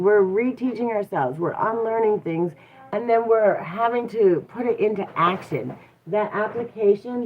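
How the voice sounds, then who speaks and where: Woman talking over a tinny phone line. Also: mid-range voice. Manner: conversational, rhetorical questions, encouraging. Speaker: host. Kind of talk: casual motivational talk.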